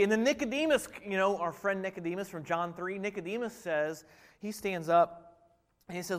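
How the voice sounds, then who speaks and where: A man preaching a sermon, animated and full of rhetorical questions, dropping to a hush and rising again. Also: high-pitched, normal speed. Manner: animated, rhetorical questions, swings between loud and hushed. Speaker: pastor. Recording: reverberant hall.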